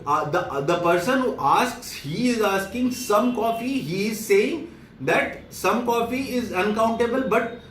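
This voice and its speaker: A man with an Indian English accent teaching a grammar lesson, repeating and rephrasing each point slowly. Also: high voice. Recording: echoey room, distant mic, faint noise.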